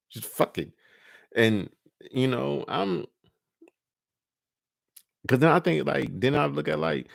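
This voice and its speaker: A man hosting a live stream, talking casually and profanely, animated and laughing often as he acts out scenes. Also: lowish voice, vocal fry, no echo, clean studio sound. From California.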